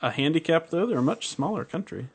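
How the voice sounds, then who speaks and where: A man's voice: a little high, expressive, quick pace, breathy edge. A man co-hosting a casual podcast, reading listener emails aloud with stammering restarts. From United States. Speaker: podcast co-host.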